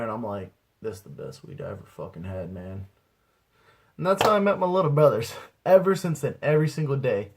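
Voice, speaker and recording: A young man spins a rambling comic anecdote in a relaxed, slangy voice with a husky edge. His pitch sits in an ordinary middle range. He drops profanity freely and slips into voices for the people in his story. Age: young adult. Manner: laid-back, slangy and profane, acts out quotes. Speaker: aspiring comedian. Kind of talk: casual comic storytelling to camera.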